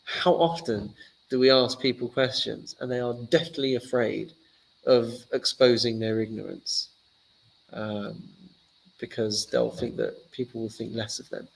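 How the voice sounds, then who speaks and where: A man's voice: mid-range voice, fairly even intonation, measured pace, creaky, slightly rough, low-quality recording. A man, a rabbi giving a casual lesson, telling stories in a chatty, joking way. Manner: chatty, joking, loose storytelling. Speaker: rabbi teaching a class.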